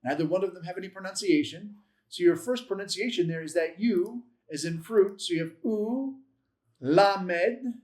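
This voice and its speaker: A Bible Hebrew teacher with a fairly high-pitched, darkish voice guides a patient, step-by-step classroom-style language lesson. He slowly sounds out each letter and repeats syllables several times. When he slips, he corrects himself with light, self-deprecating humor.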